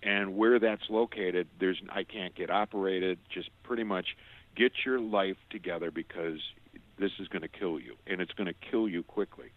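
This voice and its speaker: Older male interview guest, ex-radio voice, earnest and halting storyteller, slightly low pitch, thin phone-line quality. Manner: earnest, halting, with repeated restarts.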